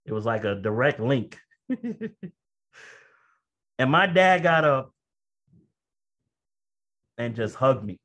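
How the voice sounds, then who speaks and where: Man preaching, quick then slow and emphatic. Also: lively intonation, muffled recording. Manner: conversational, pace swings between quick asides and slow emphatic phrases; rises to loud high-pitched outbursts when reenacting emotion. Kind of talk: sermon with personal story.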